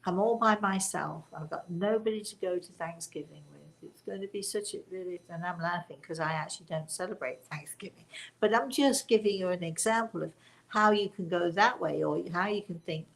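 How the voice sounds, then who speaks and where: A woman's voice: lowish voice, brisk, creaky. Chatty older woman hosting a live Q&A. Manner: chatty, rambling, self-correcting, laughs often. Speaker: spiritual medium hosting a live Q&A. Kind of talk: casual live-stream chat.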